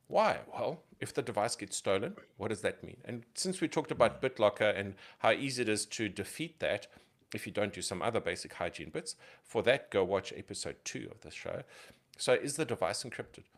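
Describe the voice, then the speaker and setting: A man co-hosting a tech podcast, explaining security ideas emphatically with lots of rhetorical questions. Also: mid-range voice. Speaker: podcast co-host.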